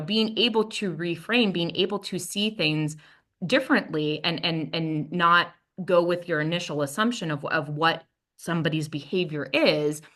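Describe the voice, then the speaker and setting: A woman's voice: lowish voice, sharp tone. A woman presenting a training workshop, telling a personal story in a conversational way and acting out what she said to her baby.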